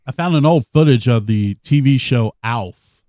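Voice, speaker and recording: Man, podcast co-host, lively joking delivery, dry close sound. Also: medium pitch, normal speed, no room sound. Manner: joking, laughs often, trails off with fillers. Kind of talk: casual comedic chat.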